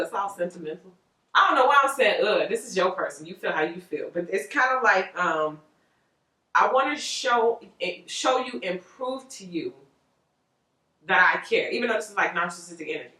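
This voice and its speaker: A woman giving a casual tarot reading to viewers, animated and rambling, with frequent laughs. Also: medium pitch, recorded from a distance. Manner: animated, chatty, loose and rambling, laughs often. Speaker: tarot reader. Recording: roomy echo, voice off-mic.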